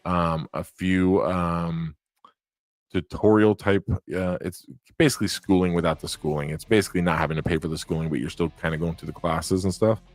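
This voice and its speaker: Deep-voiced man chatting casually with viewers. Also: fairly even intonation, moderate pace, no room sound. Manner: rambling, candid, swears, talks straight to viewers. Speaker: podcast host reading live chat. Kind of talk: casual live-stream chat.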